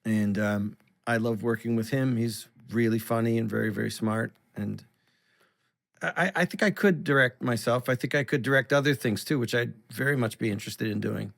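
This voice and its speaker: Canadian man, podcast guest, animated storyteller, casual chat, mid-pitched voice. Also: moderate pace, creaky. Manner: animated storyteller, often slips into comic voices.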